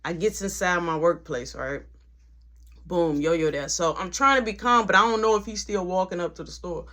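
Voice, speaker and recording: A young woman telling a casual storytime, animated and slangy, acting out the dialogue. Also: lowish voice, moderate pace.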